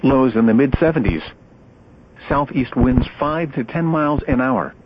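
A man's voice: medium pitch, lively intonation, normal speed. A computer-generated male voice reading a weather broadcast in clipped, evenly spaced phrases, each chopped apart from the next. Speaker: weather radio announcer. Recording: dull lo-fi radio with loud static.

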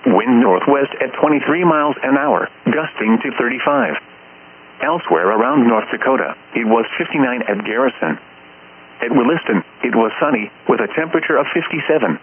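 A computer-voiced man reading an automated weather report, in clipped, even phrases with odd pitch jumps on place names. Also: brisk. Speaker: weather announcer. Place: weather radio broadcast. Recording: tinny radio broadcast with faint hum.

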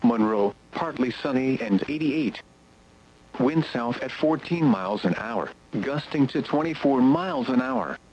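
A synthetic male voice reading an automated weather radio broadcast, reciting numbers and forecasts in a steady, mechanical way. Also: mid-range voice, measured pace, gravelly, husky, muffled recording.

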